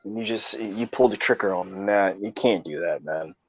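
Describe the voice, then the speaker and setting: A man's voice: fairly low pitch, normal speed. Profane rambling young man, muffled. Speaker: podcast co-host. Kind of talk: casual storytelling chat. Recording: dull lo-fi dry sound.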